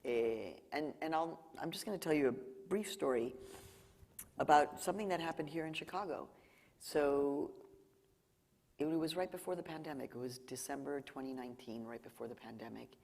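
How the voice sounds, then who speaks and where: At a live Q&A storytelling event in a library hall, a Mexican woman journalist, the featured speaker, animatedly tells stories and acts out the dialogue of people she quotes. Her low voice is creaky and moves at normal speed, trailing a long reverb tail.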